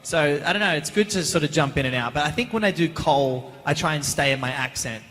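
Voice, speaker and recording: An Australian man tells stories on a convention stage, joking and sliding into other accents as he goes. His voice sits a little on the high side, and it rings out with the long reverb of a large hall. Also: fast talker. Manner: lively, jokey, slips into other voices and accents. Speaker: actor guest on a convention panel. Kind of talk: casual Q&A storytelling.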